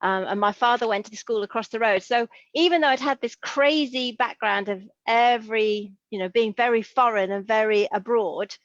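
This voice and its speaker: A woman's voice: fairly high pitch, normal speed, hardly any pauses, dry recording. Chatty middle-aged woman on a muffled call. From Liverpool, England. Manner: chatty, enthusiastic, full of asides. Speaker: consultant podiatrist, guest. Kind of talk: interview over video call.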